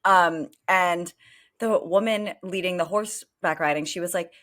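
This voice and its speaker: A woman co-hosting a podcast, telling a story in a casual, animated way, full of fillers and swearing. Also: fairly low pitch, a little slow. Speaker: podcast co-host.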